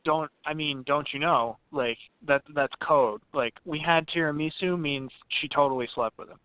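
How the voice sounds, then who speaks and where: A man co-hosting a casual film review chat with lively, reactive banter. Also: a little high, moderate pace, smooth, dry recording. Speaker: podcast co-host. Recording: tinny phone-like sound.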